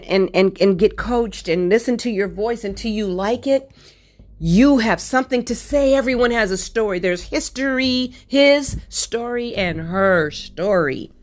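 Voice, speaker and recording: A woman hosting her own podcast as an evangelist, talking about learning to like her voice, with a loud laugh and lively retellings of what others told her. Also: a little high. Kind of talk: personal podcast talk.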